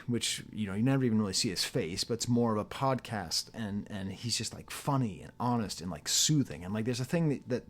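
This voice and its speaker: A middle-aged man, a rap critic and academic, talking casually to camera in a chatty, digressive way with frequent laughs. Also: fairly low pitch.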